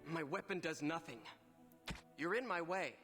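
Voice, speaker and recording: A man's voice: fairly high pitch, moderate pace, fairly bright tone. An actor playing a polite, composed male elf mage hero in a video game, speaking short formal remarks. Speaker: game character. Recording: game audio with long reverb and music.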